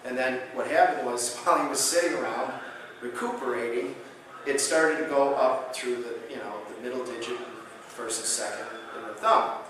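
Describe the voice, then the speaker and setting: A man lecturing as a chiropractor at a conference, telling a patient story with lively acted-out quotes. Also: normal speed, a little hiss or hum. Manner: animated storyteller, acts out quotes with big pitch jumps. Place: conference hall. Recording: very echoey hall, voice from far off.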